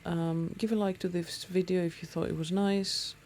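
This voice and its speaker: A woman's voice: fairly low pitch, flat delivery, normal speed, darkish tone, slight background noise. A woman talking casually to her viewers while out on a motorbike ride, chatty and rambling with many ums. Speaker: motorcycle vlogger. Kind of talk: casual talk to camera while riding.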